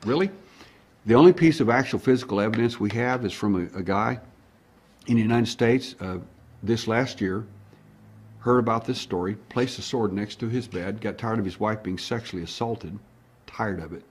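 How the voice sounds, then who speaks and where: Husky-voiced male investigator recounting a case with lively, acted-out dialogue. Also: fairly low pitch, normal speed. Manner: animated, acts out dialogue. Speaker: alien abduction investigator. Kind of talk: storytelling monologue.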